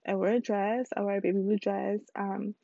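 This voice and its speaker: A woman's voice: medium pitch, level tone, normal speed, gravelly, warm tone, dry recording, dull audio. A young woman with Caribbean roots hosting a casual solo podcast, chatty and candid, rambling with fillers. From Caribbean background, lives in Houston. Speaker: podcast host.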